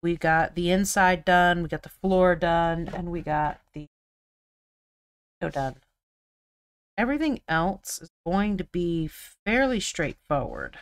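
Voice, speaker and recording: Smooth-voiced chatty American woman streamer. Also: lowish voice, expressive, measured pace. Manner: chatty, laughs easily, thinks aloud. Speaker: miniature painting stream host. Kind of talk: casual live-stream chat.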